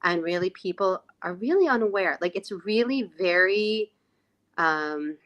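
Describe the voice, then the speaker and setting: A woman guest on a podcast, talking reflectively and often pausing to find her words. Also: fairly low pitch, lively intonation, fairly bright tone. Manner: reflective, searching for words, many fillers. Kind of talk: conversational podcast chat.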